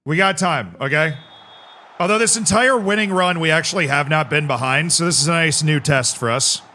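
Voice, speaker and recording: A male streamer talks his chat through a football management match with quick, excitable reactions and jokes. His voice is bright and forceful and sits a little high for a man. His delivery is animated. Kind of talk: live gameplay commentary.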